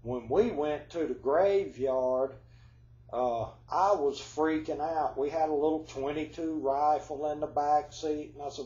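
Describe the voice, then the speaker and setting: A man's voice: a little high, fairly even intonation, unhurried, warm tone, roomy sound, dull audio. A man telling ghost stories in a folksy, drawling way, his voice congested from flu-like symptoms. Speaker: storyteller. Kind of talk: casual ghost storytelling.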